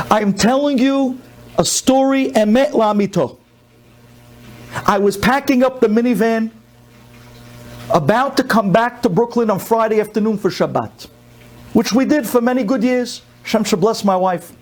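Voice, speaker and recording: A man's voice: high voice, normal speed. A middle-aged man from the United States, a rabbi telling a story in a sermon and acting out the people in it. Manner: animated storyteller, acts out the people in his story.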